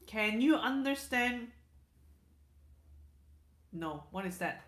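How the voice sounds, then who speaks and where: Slow-talking woman chatting on a livestream. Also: medium pitch, expressive, fairly bright tone, roomy sound. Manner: chatty, restarts sentences, repeats words, laughs often. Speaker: livestream host. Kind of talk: casual livestream chat reading viewer comments.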